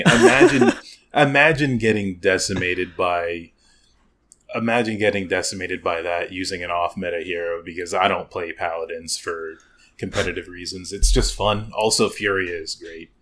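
A man's voice: deep voice, normal speed, a bit bright. A young man in casual gaming chat, rambling and sarcastic with lots of slang.

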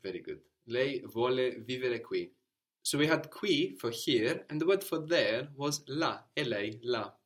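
A man's voice: medium pitch, animated, unhurried. Male tutor, patient and encouraging, guides a learner through drills. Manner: patient, encouraging, spells words out. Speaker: language teacher. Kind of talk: guided language lesson.

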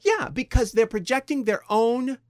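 A middle-aged man from San Diego, co-hosting a podcast in candid, casual talk, thoughtful and halting with expressive swings in pitch. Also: no room sound, clean studio sound. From San Diego, California. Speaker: podcast co-host.

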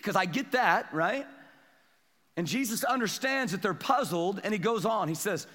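Man, pastor, sermon, slightly high voice, emphatic then hushed, long reverb. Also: normal speed. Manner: animated preaching, swinging from loud emphatic peaks to quiet low asides.

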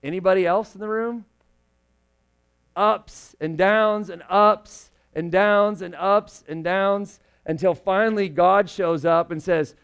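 A young man preaching to a congregation, his voice sitting a little on the high side. He presses hard on key lines, then drops to a hushed, intimate tone. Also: slow pace, clean tone. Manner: animated, swings from loud emphasis to hushed. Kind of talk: sermon.

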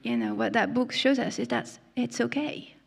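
French-accented woman preaching, gravelly edge. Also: fairly high pitch, normal speed. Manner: conversational, often tags "yeah?". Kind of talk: sermon.

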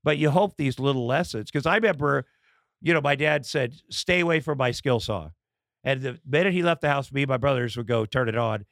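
A man's voice: mid-range voice, gravelly, a bit bright, dry recording. Candid middle-aged man, dry close sound. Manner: candid storytelling, halting with fillers, acting out dialogue. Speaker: podcast guest, comedian. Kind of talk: casual chat.

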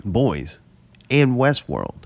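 A man's voice: medium pitch, wildly swooping pitch, extremely slow, vocal fry, a little mellow, dry recording. A man co-hosting a podcast, chatting casually with profane, laughing banter. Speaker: podcast co-host. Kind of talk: casual chat.

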